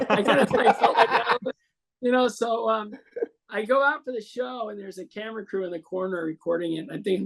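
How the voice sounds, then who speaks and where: Gravelly-voiced man in his sixties telling a story. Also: high voice, fast. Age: 60s. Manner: animated storyteller acting out quoted voices. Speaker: interview guest. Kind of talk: storytelling in an interview.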